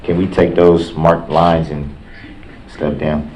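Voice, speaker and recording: Deep, dark-voiced man cross-examining in court. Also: flat delivery, slight background noise. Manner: halting, repetitive questioning with restarts. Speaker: defendant questioning a witness. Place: large courtroom. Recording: echoey courtroom, dull lo-fi sound.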